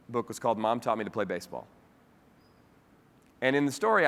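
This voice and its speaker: Lively man telling a keynote story in a hall. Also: medium pitch. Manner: lively storyteller who acts out quoted dialogue. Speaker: keynote speaker. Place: large hall with a live audience. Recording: long hall reverb.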